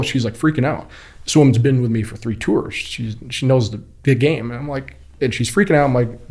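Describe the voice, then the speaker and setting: A man's voice: mid-range voice, brisk. Man telling war stories, easygoing. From Kuwait. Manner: animated storyteller acting out quoted voices. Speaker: podcast guest. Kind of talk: casual storytelling interview.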